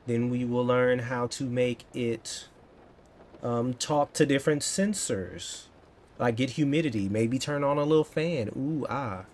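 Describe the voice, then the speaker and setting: With a mid-range, slightly mellow voice and a measured pace, a coding vlogger in his thirties talks casually to his live viewers. He keeps things playful and jokey, with occasional over-the-top dramatic bits, and a little hiss or hum runs under the audio.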